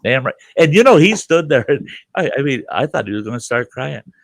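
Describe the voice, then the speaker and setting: Host, 60s man from Minnesota, cussing storyteller; animated pitch swings, dead-dry sound. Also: a little fast, gravelly, no echo. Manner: profane, animated yarn-spinning with acted quotes. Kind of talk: casual campfire storytelling.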